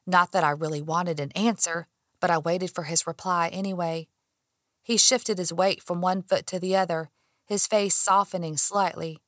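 A woman reading a first-person audiobook in an expressive way, acting out her own heated lines. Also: on the low side, normal speed, no echo, studio quality. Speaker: audiobook narrator.

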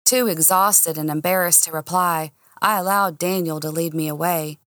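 A woman narrating a serialized mystery story in an expressive, cozy first-person reading. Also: fairly low pitch, normal speed, dry recording, studio quality. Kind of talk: audiobook narration.

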